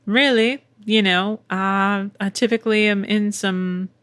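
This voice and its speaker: A woman's voice: mid-range voice, fairly even intonation, measured pace, a bit bright, clean tone, no echo. A middle-aged woman hosting a casual solo podcast, chatty and candid, swearing freely with wry asides. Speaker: podcast host and voice actor.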